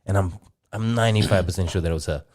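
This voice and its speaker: A man's voice: sits low, rapid-fire. A young man hosting a podcast, telling stories in a casual, joking way with some swearing. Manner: animated, joking, swearing storyteller. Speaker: podcast host. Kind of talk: casual chat, storytelling.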